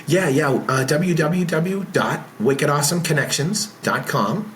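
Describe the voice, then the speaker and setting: A man, a podcast guest talking earnestly in a casual interview, often pausing on filler words. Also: a little high, a bit bright, a little hiss or hum. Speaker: podcast guest, event founder.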